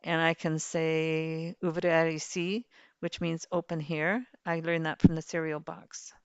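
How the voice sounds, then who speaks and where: Chatty woman, smooth low voice. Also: level tone, measured pace, no room sound, highs cut off. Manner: chatty, rambling, laughs easily. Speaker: livestream host. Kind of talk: casual chat while playing a farming game.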